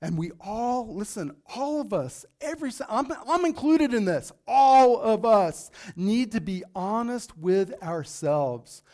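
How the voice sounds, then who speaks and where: A male pastor preaching a sermon emphatically, acting out quotes and dropping to a low, intense hush for warnings. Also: big pitch swings, a little slow, hardly any pauses. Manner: emphatic, acts out scripture quotes.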